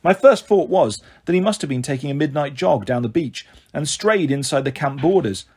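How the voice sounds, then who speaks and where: A man narrating a first-person story as an audiobook reader, in a lively, expressive way. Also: fairly high pitch, normal speed, slightly rough.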